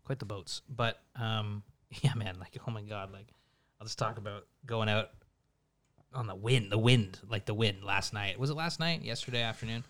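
A man's voice: lowish voice, moderate pace, fairly bright tone. Laid-back man hosting a chat. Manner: laid-back, slangy, laughs often. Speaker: podcast host. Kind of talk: casual chat.

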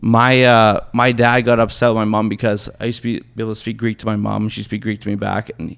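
A man's voice: on the low side, level tone, fast talker, gravelly, fairly bright tone, smooth. Rambling Canadian guy telling stories. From Thunder Bay, Ontario, Canada. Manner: rambling, restarts with "so anyways", acts out quotes. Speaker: podcast guest. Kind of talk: casual storytelling.

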